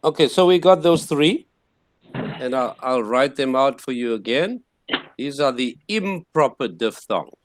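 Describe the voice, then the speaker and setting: A man teaches a class at an unhurried pace. He explains patiently, restarting his sentences as he works through each point. His voice is mid-pitched, and the sound is dry and close. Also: animated, no room sound. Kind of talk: classroom lecture.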